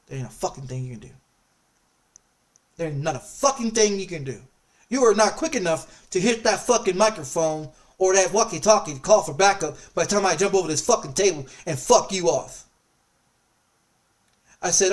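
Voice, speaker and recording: A man's voice: high-pitched, expressive, moderate pace, long pauses, far from the mic. A man streaming a casual chat, telling a story in an angry, profane way and repeating himself often. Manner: angry, profane, heavily repetitive.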